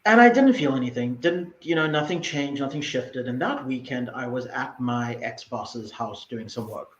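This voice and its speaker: A man's voice: mid-range voice, normal speed. Candid man telling a story in an echoey room. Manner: candid, with frequent restarts. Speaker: co-host. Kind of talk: personal storytelling. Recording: echoey, dull lo-fi room sound.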